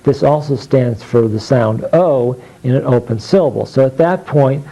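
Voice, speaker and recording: A man teaching phonics, sounding out letters and keywords one by one in a deliberate instructional drill. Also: medium pitch, mellow, slight background noise. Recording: dull lo-fi recording.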